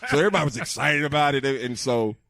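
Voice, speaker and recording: A man's voice: quick pace, vocal fry, dry recording, clean studio sound. A man from Georgia telling stories as a podcast guest, acting out quotes with a jump in his voice. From Georgia, USA. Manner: animated, acts out quotes in a higher voice. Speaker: guest, former football player. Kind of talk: casual storytelling.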